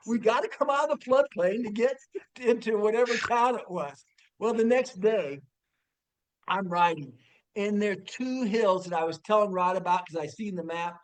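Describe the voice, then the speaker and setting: A man telling a personal story among family and friends, animated and laughing, with stumbling restarts and bursts of shouting. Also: sits high, moderate pace. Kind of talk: casual storytelling.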